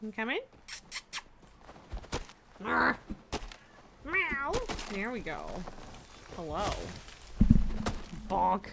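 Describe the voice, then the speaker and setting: A woman live-streaming a game, cooing baby talk to her cat and chatting warmly with viewers. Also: medium pitch, expressive, extremely slow, gravelly, pauses often, background noise. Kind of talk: casual live-stream chat. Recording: faint music behind.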